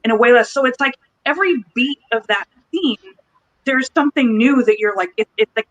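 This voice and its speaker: A woman's voice: on the high side, a little fast, a bit bright, rough recording. A woman in a casual fan discussion, talking in a gushing, rambling way. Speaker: podcast panelist.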